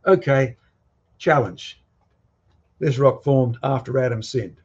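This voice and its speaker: A man lectures from the front with a husky, slightly rough voice, firing rhetorical questions and challenges at his listeners. His delivery is emphatic and insistent. The recording sounds dull and lo-fi, with the top end rolled off. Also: mid-range voice, takes it slowly. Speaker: guest speaker on creation and fossils. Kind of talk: lecture with slides and audience questions.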